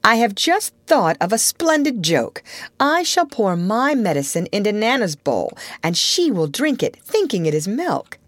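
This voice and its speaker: A woman's voice: medium pitch, very animated, measured pace, dry recording, pitched above the performer's own voice. A woman reading a storybook aloud, voicing a proud, childish middle-aged father who blusters and sulks, in a dry close recording. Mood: coaxing. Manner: blustering and self-pitying.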